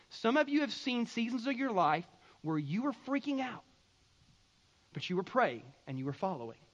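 A man preaching a sermon in a conversational, emphatic way, with sudden loud bursts. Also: high-pitched, highs cut off. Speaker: pastor.

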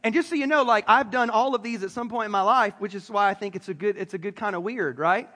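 A man's voice: high-pitched, quick pace, bright, forceful tone, big-room sound. A man preaching a sermon, joking with the congregation and talking straight to them. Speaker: pastor. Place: church sanctuary.

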